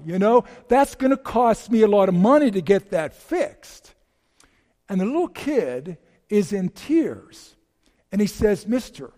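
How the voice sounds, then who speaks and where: A man's voice: high voice, warm tone, big-room sound. A man preaching a homily, telling a story in a conversational, folksy way with emphatic repetition.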